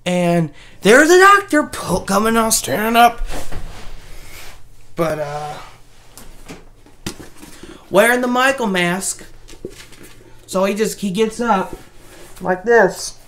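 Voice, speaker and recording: Slow-talking woman rambling through a movie review. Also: medium pitch, slight background noise. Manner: rambling, animated, with many restarts. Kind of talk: casual spoken movie review.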